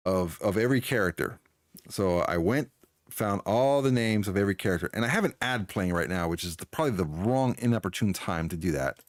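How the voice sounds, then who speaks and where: A man's voice: deep voice, dry recording, clean studio sound. A man chatting casually on a live stream, answering chat and laughing often as he tells a story.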